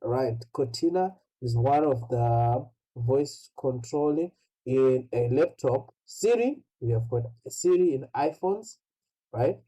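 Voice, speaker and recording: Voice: mid-range voice, animated, slow pace, mellow, poor audio. An English pronunciation teacher tutoring one student, patiently explaining and checking in with "right?" after nearly every phrase.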